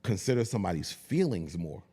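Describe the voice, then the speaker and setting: A man around forty, a podcast guest, chatting casually and telling stories in a profane, animated way. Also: low-pitched, a little fast, breathy edge.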